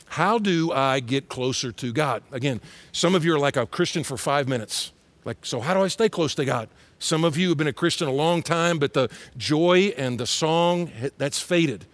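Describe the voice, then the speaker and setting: A middle-aged man preaches in a loose, conversational way, often slipping into little acted voices. His voice sits slightly high for a man. The sound is dry and close, with no room echo. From Texas. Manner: conversational and animated, jumps into quoted voices. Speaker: pastor. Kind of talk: sermon.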